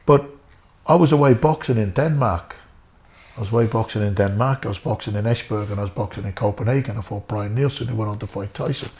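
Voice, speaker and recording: Gravelly Irish man telling stories earnestly. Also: on the low side, a little mellow. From Ireland. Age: middle-aged. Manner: earnest, repetitive, addresses the host by name. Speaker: interview guest, former boxer. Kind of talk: emotional storytelling.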